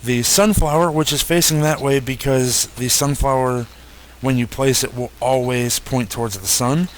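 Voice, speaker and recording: Young guy chatting thru a game update, lots of uhs and little fixes, mid pitch, light hum behind. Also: steady tone, normal speed. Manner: easygoing, many fillers and self-corrections. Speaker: gaming YouTuber. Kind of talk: casual game update walkthrough.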